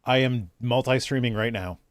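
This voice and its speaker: A man's voice: medium pitch, moderate pace, no room sound, clean studio sound. A man hosting a charity livestream, chatting loosely, swearing and reading out donations on a home streaming mic. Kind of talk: casual livestream chat.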